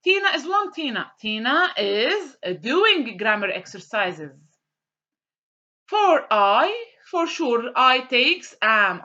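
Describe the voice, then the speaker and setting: A woman teacher with a high, bright voice walks through grammar exercises, asking a question and then answering it herself. Her pitch rises and falls widely. The recording sounds dull and lo-fi. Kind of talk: grammar lesson walkthrough.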